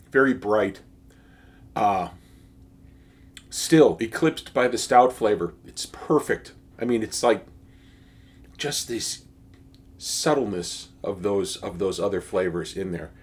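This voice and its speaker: A man's voice: lowish voice, husky. A man giving a casual, enthusiastic beer tasting review, speaking with frequent fillers and restarts.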